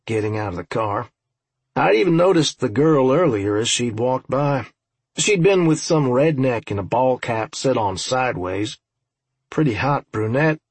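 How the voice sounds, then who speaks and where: Gravelly man narrating dryly. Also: medium pitch, dry recording. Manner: dry, wry, profane storytelling. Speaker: audiobook narrator. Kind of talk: first-person audiobook narration.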